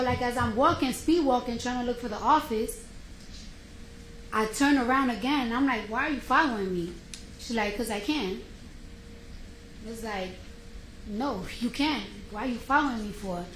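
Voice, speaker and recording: A woman testifying in court, telling her story in an animated, slangy way and acting out the quoted dialogue. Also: on the high side. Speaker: trial witness. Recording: roomy courtroom audio with faint noise.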